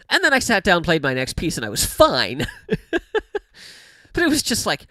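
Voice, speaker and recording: Speaking into a pop-filtered studio microphone, this game streamer laughs a lot as he chats, full of fillers and corrections. The medium-pitched voice swings hugely in pitch at a moderate pace, sounding pushed and bright in a dry recording.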